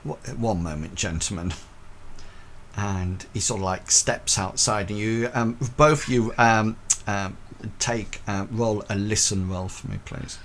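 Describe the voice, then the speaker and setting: A man's voice: on the low side, fairly even intonation, unhurried, fairly bright tone, slight background noise. A man running a tabletop game as game master, narrating with frequent hesitations and fillers.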